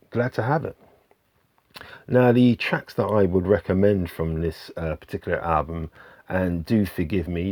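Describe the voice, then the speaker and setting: A man with a very low, deep voice talks casually through his record collection as a channel host. He hesitates often, restarting sentences and filling gaps with ums, relaxed and unhurried. The sound is dry and close, with no room around it. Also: no echo. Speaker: vinyl album reviewer, channel host. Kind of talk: casual album review to camera.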